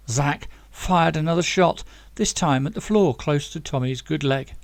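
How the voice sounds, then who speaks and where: A man reading his own novel aloud in steady, dramatic audiobook narration. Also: a little high, unhurried, hardly any pauses, no echo.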